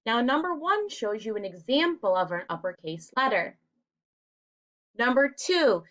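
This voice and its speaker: A woman teacher walking young children through a writing lesson in a slow, deliberate, encouraging way. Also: fairly high pitch, big pitch swings, fairly bright tone. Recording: dull, lo-fi home recording.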